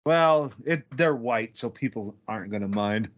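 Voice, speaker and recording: A man's voice: mid-range voice, expressive, normal speed, lo-fi sound. A man co-hosting a comedy podcast, protesting his friends' jokes in exasperation. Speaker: podcast co-host.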